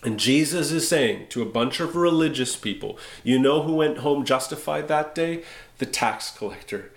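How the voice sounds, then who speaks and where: A man's voice: on the high side, animated, gravelly. Wry, conversational man preaching in a roomy church. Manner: conversational, wry, with dramatic slowdowns. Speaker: pastor. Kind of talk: sermon. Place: church sanctuary.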